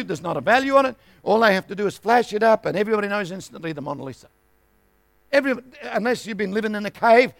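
High, gravelly preacher man. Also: a bit bright, no echo. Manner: emphatic preaching, rhetorical questions to congregation. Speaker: pastor. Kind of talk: sermon.

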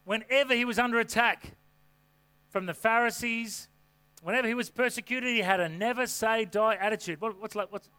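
A man preaching a sermon to a congregation from a church stage, with an energetic, folksy delivery full of rhetorical questions. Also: very high-pitched, normal speed, clear, resonant tone. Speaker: pastor.

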